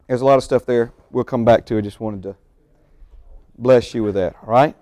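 A man preaching a sermon, slowing down to stress key phrases and dropping into quick, low asides to the congregation. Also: fairly even intonation, dark tone, no echo, clean studio sound. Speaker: pastor. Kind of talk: sermon teaching.

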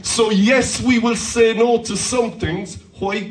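A man preaching a lively sermon as pastor in a church hall, calling out hallelujahs. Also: very high-pitched, slow pace, crowd noise. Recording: echoey church hall from far off.

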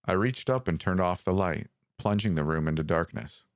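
A man with a very deep, low voice reads a first-person horror story. His delivery is calm and measured, and the recording is dry and close, with no room sound. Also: no echo.

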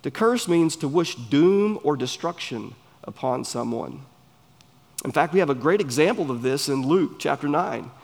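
A man with a Southern US accent, preaching a sermon in an earnest, emphatic way with pauses between phrases. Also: a little high, animated, gravelly, a little mellow. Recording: long hall reverb.

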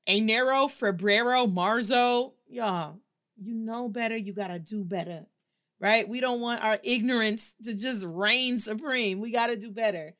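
A woman hosting a casual Spanish lesson, energetic and slangy, switching back and forth between English and Spanish. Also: fairly high pitch, a little slow. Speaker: host and Spanish teacher. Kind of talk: upbeat casual language lesson.

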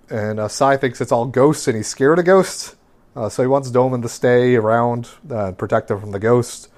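A man's voice: medium pitch, darkish tone. Casual guy rambling through a recap. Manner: rambling, filler-heavy summarizing. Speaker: podcast co-host recapping an anime.

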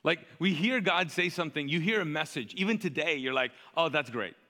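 A male pastor preaching in a chatty, animated way, asking the congregation to fill in words. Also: fairly high pitch, fairly quick, long reverb tail. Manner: conversational, animated, asks the crowd to fill in words. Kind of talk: sermon.

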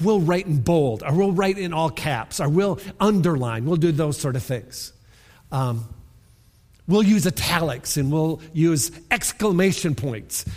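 Lively high-voiced preacher in a hall. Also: male voice. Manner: animated, shouts repeated words for emphasis. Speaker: pastor. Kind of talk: sermon.

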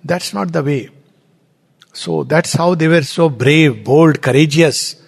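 A man with an Indian English accent giving a spiritual lecture, animated and explanatory, posing rhetorical questions. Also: a little high, slow pace, vocal fry, slightly rough. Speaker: spiritual teacher. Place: lecture hall at a centre. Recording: long hall reverb.

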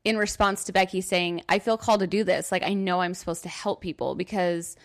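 A woman's voice: lowish voice, fairly even intonation, brisk. A woman co-hosting a casual chat, thoughtfully rephrasing and reflecting on what her friend shares. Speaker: podcast co-host.

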